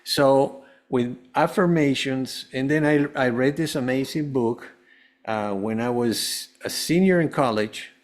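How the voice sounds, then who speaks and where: A man's voice: mid-range voice, measured pace. Earnest man rambling through a personal story. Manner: earnest, rambling, many restarts. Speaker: guest, holistic health coach.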